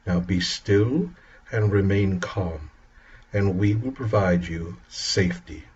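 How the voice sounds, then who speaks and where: A man voicing a calm, commanding noble lord who speaks in a formal, stately way. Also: low-pitched, slow, highs cut off, slight background noise. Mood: reassuring.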